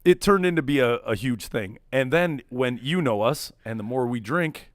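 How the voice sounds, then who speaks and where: Animated man telling a bar story. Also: medium pitch, moderate pace, dry recording, studio quality. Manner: animated, acts out quotes loudly. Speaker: podcast co-host. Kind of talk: casual storytelling chat.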